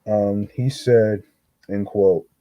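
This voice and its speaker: A man hosting a solo podcast, choked up and halting, with many fillers and restarts as he talks. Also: on the low side, fairly even intonation, dark tone, no room sound, low-quality recording. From New York. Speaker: podcast host.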